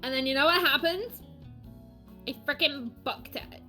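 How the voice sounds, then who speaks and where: A woman's voice: high-pitched, normal speed, pushed and bright. A woman hosting a tabletop game livestream, bubbly and giggly as she introduces the players, with music faintly under her voice. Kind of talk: casual livestream banter.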